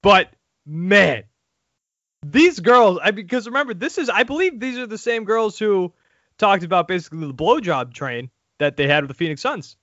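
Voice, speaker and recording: Brief: male podcast host, high voice, crude and animated, dry lo-fi sound. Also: moderate pace, no room sound. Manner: animated, crude, laughing asides. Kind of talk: casual sports podcast chat. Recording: dull lo-fi audio.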